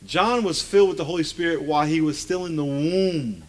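A man preaching from the pulpit in a voice that sits a touch high. He is emphatic, calls on his listeners to repeat words and raise their hands, and slips into folksy asides. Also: fairly quick. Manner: emphatic, calls for congregation responses. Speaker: pastor. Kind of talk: sermon.

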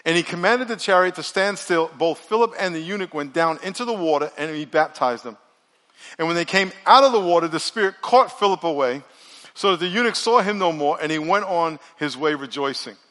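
Brief: middle-aged male pastor with a high voice, upbeat and jokey sermon delivery, call-and-response with the room. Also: brisk. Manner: energetic, joking, leads call-and-response. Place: large church auditorium. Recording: long reverb of a large church hall.

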